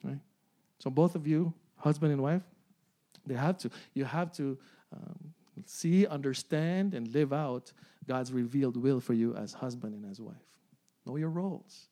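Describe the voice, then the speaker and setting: A man's voice: mid-range voice, measured pace, mellow. A man in his forties preaching a sermon, often repeating phrases, asking the congregation "amen?" and "right?", and laughing along. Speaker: pastor.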